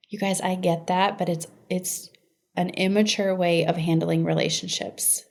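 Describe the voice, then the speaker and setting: A woman's voice: fairly low pitch, fairly even intonation, moderate pace, a little mellow. A woman hosting a teaching podcast, talking emphatically and conversationally and addressing her listeners directly. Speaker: podcast host and inner-healing practitioner.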